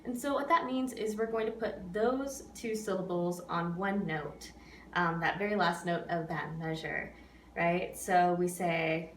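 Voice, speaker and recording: A woman gives an unhurried online singing lesson as an opera pianist, patiently counting in and modeling each phrase. Her voice sits back from the mic in a roomy space, with faint noise underneath. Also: lowish voice, distant mic. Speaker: opera pianist and vocal coach.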